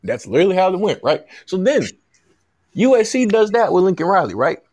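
A man in his thirties riffs on college sports as a podcast host, emphatic and animated, tripping over his own words as he pushes ahead. His voice sits a little high, and the sound is dry and close, with no room around it. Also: a little fast, dry recording. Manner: animated, emphatic, frequent restarts and stammers. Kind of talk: casual sports talk.

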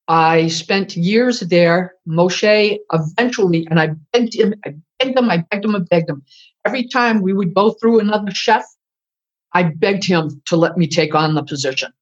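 An older woman, a retired culinary instructor telling stories in an interview and acting out old conversations. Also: lowish voice. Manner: animated storyteller acting out dialogue. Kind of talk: oral history interview. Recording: dull lo-fi recording.

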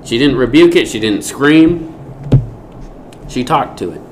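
A man's voice: medium pitch, expressive, unhurried, over music. Man teaching scripture with rhetorical questions. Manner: emphatic, asks rhetorical questions. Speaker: Bible teacher. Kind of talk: teaching a Bible lesson.

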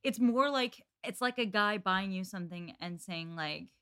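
A woman's voice: mid-range voice, sharp tone, clear, resonant tone. Wry, opinionated young woman co-host. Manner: wry, opinionated, quick with references. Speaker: podcast co-host. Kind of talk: casual chat.

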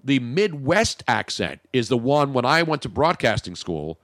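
Rambling, animated radio show host. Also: male voice, mid-range voice, moderate pace, no room sound, clean studio sound. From Philadelphia area. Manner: rambling, joking, self-interrupting. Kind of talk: casual radio banter.

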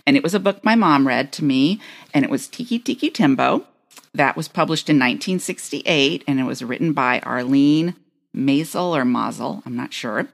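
A woman with a low voice and a gravelly edge, co-hosting a casual podcast chat. She talks in a reflective, storytelling way about memories. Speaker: podcast co-host.

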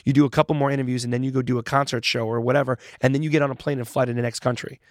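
Fast-talking man telling stories. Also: medium pitch, no echo, studio quality. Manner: animated storyteller who acts out quotes, swears casually. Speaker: guest. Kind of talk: casual interview chat.

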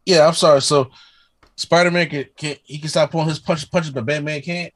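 A man's voice: on the high side, fairly even intonation, brisk, fairly bright tone. A man in a casual group chat pushing a point in a friendly argument, repeating himself to make it land. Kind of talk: casual debate among friends.

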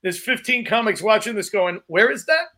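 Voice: medium pitch, animated, moderate pace, crowd noise. A host asking questions and joking in casual chat.

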